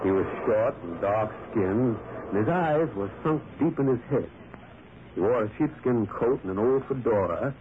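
A man's voice: mid-range voice, animated, normal speed, lightly acted. An actor playing a lonely man who lives alone and tells his story in a brooding, dramatic way, in an old radio drama. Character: lonely male prospector narrating his past. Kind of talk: 1940s radio acting. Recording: tinny lo-fi old radio broadcast with faint hiss.

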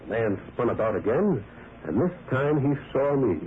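In a 1940s radio drama, an actor with a mid-range voice and big pitch swings plays a lonely prospector who lives alone and narrates his past. His moderately paced delivery is brooding and dramatic. The tinny, lo-fi old broadcast carries a faint hiss.

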